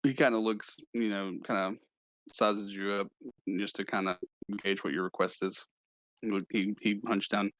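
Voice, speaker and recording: A man's voice: fairly low pitch, steady tone, moderate pace, fairly bright tone, no echo. A man narrating as game master of a tabletop game in a loose, rambling way with many fillers.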